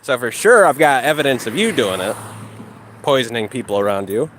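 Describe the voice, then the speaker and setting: A man's voice: mid-range voice, sing-song, fairly quick, a little hiss or hum. A man ranting and mocking his critics with heavy profanity while he exercises outdoors. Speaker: livestreamer.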